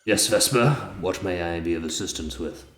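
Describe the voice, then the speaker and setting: A man's voice: sits low, normal speed, fairly bright tone, reverberant, pitched below the performer's own voice. Malik, a man doing a stiff formal officer.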